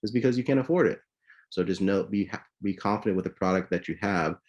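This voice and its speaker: Guy coaching sales calls on a video call, talks fast, kinda low voice, acts out the phone lines. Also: a little mellow. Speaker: guest sales trainer. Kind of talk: casual coaching talk.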